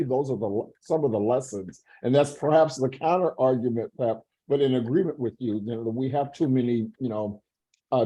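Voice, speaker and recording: Super mellow dark-voiced guy on a panel, keeps saying you know, kinda breathy. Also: mid-range voice, rough recording. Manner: rambling, many "you know" fillers. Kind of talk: panel discussion. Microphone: video call.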